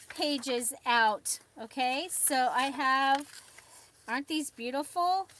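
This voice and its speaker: A woman's voice: high-pitched, a bit bright. A woman hosting a casual live stream from her craft desk, chatting with viewers, greeting them by name and laughing often. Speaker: livestream host.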